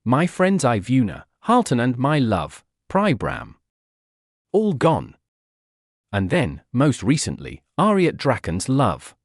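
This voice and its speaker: A cruel female monster clan leader, as a man reads her lines in a sneering storybook voice, taunting and vengeful. Her pitch swings widely from low menace to sharp high jeers. The sound is dry and close. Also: wildly swooping pitch, slow, dry recording, exaggerated voice.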